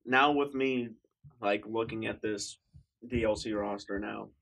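Young guy, lowish voice, hesitant storyteller full of fillers. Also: fairly even intonation, a little slow, vocal fry, a bit bright, low-quality recording. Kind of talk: casual chat.

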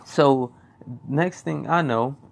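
Gravelly young man telling a story. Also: medium pitch, slow pace. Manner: swearing, rambling, repeats himself. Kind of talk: casual personal storytelling.

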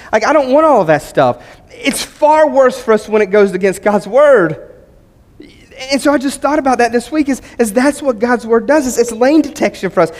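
A man preaching a sermon to his church in a conversational manner, mixing scripture with humorous personal stories. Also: very high voice. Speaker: pastor. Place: church sanctuary. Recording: long hall reverb.

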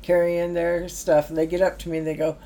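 A woman's voice: fairly low pitch, flat delivery, brisk, mellow. A middle-aged woman, telling stories about her youth work in a chatty way, laughing now and then. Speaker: former youth project worker. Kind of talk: anecdotal storytelling.

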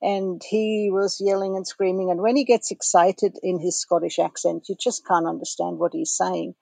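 A woman recalls a story with lively amusement in an interview. Her voice is gravelly and mellow, slightly low, and sounds dry and close. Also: normal speed, dry recording. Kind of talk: interview recollection.

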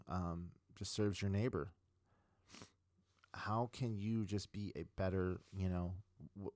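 A man co-hosting a podcast, rambling casually and cutting himself off with quick asides. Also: low-pitched, darkish tone, no room sound, studio quality. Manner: rambling, self-interrupting, apologetic asides. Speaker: podcast co-host.

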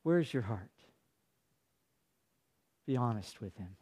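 A male pastor preaching a sermon, dropping to hushed tones and rising to loud, dramatic peaks. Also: lively intonation, takes it slowly, slightly rough. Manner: dynamic, swinging from hushed to booming.

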